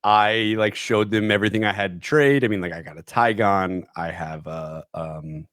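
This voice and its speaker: A man's voice: lowish voice, moderate pace, fairly bright tone, no room sound, clean studio sound. A man as a podcast guest, laid-back and laughing often in casual chat.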